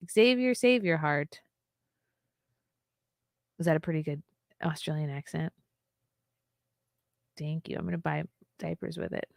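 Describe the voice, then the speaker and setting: A woman's voice: low-pitched, vocal fry, no echo, clean studio sound. A woman hosting a casual livestream, candid and chatty, often laughing and reading viewer comments aloud. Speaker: livestream host.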